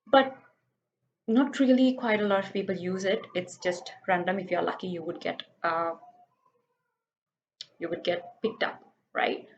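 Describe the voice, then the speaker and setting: A woman with a Sri Lankan English accent chats her way through a casual vlog, playful and animated. Her voice sits at a middle pitch. The recording is slightly dull and lo-fi. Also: measured pace, pauses often. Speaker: vlogger.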